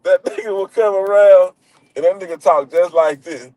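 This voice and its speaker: High-voiced man, joking. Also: moderate pace, mellow, no echo, poor audio. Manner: loose and joking, heavy slang, frequent fillers. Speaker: streamer. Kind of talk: casual storytelling chat.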